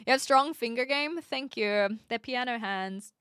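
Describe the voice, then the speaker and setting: A woman chats loosely with her livestream audience, reading messages aloud and answering between ums and restarts. Her voice sits a little high, and the sound is dry and close with no room around it. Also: measured pace, fairly bright tone, smooth, no echo. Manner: chatty, reads chat aloud, frequent ums and restarts. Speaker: streamer. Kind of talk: casual livestream chat.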